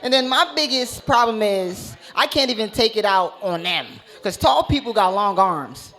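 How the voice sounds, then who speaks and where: High-pitched dude doing brash stand-up, swearing a lot, on a club mic. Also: male voice, animated, normal speed, sharp tone. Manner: brash, profane, punchline-driven delivery. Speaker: stand-up comedian. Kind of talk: stand-up comedy set. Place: comedy club stage.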